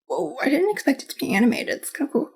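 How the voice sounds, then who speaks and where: A woman's voice: high voice, very animated, quick pace, vocal fry, a little mellow. A woman gaming host reading a visual novel aloud, mixing dramatic reading with casual asides. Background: faint game music.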